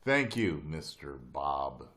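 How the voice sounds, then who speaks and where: A man's voice: a bass voice, very animated, slow, fairly bright tone. A man hosting a casual live stream, jokey and slangy, teasing his viewers.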